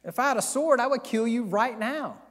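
A man putting on a fuming traveler from a retold Bible story. He blusters and threatens in a high, heated voice. It echoes through a large hall. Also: lively intonation, normal speed, a bit bright. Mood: angry. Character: hot-tempered man, angry traveler.

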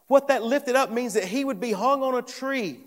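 A man's voice: very high voice, normal speed. A pastor preaching an earnest sermon, emphatic and often repeating phrases as he builds each point. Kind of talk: expository sermon. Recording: long reverb of a large hall.

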